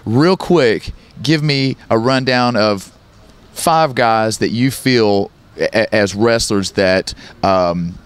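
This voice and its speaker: Male interview host with a low voice, brisk and leading, asks for quick rundowns. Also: clear, resonant tone. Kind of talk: interview questions.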